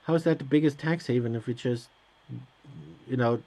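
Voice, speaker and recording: This man hosts a let's play, reading the game's on-screen text out loud and reacting with hesitant sarcasm in casual commentary. He has a medium-pitched, slightly mellow voice and a moderate pace.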